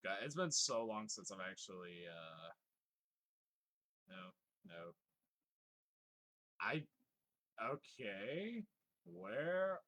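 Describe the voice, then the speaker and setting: Man, live game streamer, bright forceful voice, swears a lot, laughs, reads chat out loud. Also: on the low side, very animated, very slow, long pauses. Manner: swears freely, laughs often, joking exasperation. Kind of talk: casual gameplay commentary, reading chat aloud.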